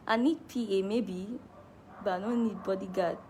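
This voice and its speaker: A woman's voice: medium pitch, slow pace, a little mellow, a little hiss or hum. A woman with a Cameroonian accent, a musician chatting casually through fan questions, laughing easily and restarting her sentences. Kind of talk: casual live Q&A chat.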